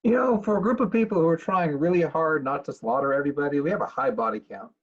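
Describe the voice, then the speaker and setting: Husky man cracking dry jokes, lo-fi. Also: a little high, fast talker. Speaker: player. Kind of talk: casual tabletop play.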